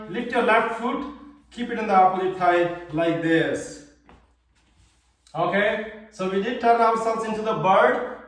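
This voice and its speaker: A man's voice: sits high, fairly bright tone. A man teaching a live online yoga class for children, giving cheerful, simple step-by-step cues. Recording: very echoey room, voice far from mic.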